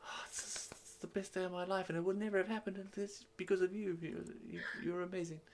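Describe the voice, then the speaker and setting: Man doing a breathless, overjoyed tinkerer, pitched up, gushing thanks. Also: little pitch movement, quick pace. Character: overjoyed eccentric male tinkerer.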